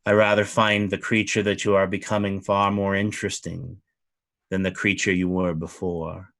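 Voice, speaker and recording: A man voicing a cold, imperious fey lord who speaks slowly in formal, archaic phrasing. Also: deep voice, flat delivery, creaky, a bit bright, pitched below the performer's own voice. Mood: coldly formal.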